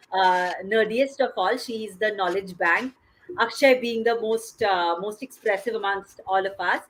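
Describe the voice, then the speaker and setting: A woman with an Indian English accent co-hosting a casual cricket watchalong over a video call, speaking in a thoughtful, measured way and slipping into Hindi phrases. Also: a little high, a bit bright, slight background noise, low-quality recording. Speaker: watchalong co-host.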